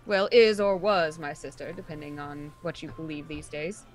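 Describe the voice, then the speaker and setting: A woman voicing a brooding, scheming young man who speaks in a measured, insinuating way. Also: sits low, pitched below the performer's own voice, natural voice.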